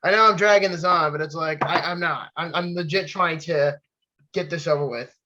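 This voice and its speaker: A man's voice: fairly high pitch, moderate pace, pushed and bright, highs cut off. A man co-hosting a casual podcast, groaning and cursing in pain as he eats very hot sauce and hiccups. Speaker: podcast co-host. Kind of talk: casual chat.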